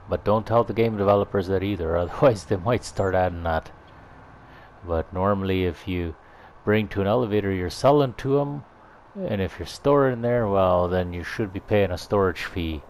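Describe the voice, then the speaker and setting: Low-voiced man chatting over farming gameplay. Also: slight background noise. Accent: slips into a put-on Irish lilt. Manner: relaxed, chatty, thinking out loud. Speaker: gaming channel host. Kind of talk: casual gameplay commentary.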